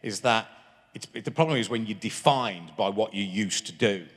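A man's voice: fairly low pitch, normal speed. Rambling man in a big hall. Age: 50s. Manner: rambling storyteller with many restarts. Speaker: guest. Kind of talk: live stage interview, anecdotes. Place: large town hall stage. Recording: long reverb of a large hall.

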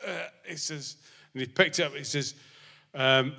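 A man's voice: on the high side, fairly even intonation, normal speed, bright, forceful tone. A man as a guest, telling a meandering anecdote and losing his thread, into a handheld mic on a theatre stage. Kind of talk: rambling anecdotal storytelling. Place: theatre stage before a live audience. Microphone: handheld microphone. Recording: reverberant theatre hall.

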